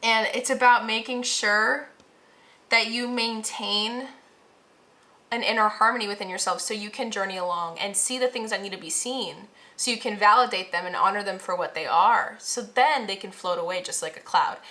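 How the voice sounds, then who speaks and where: A woman's voice: mid-range voice, moderate pace, sharp tone. A woman giving a pick-a-pile tarot reading to her viewers, talking in a casual, earnest way with slang and emphatic encouragement. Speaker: tarot reader.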